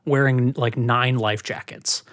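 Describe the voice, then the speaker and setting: A woman's voice: extremely low pitch, measured pace, no room sound, clean studio sound. A woman guest frankly retelling a personal story in casual podcast chat, with many fillers. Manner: frank, animated retelling with lots of "like".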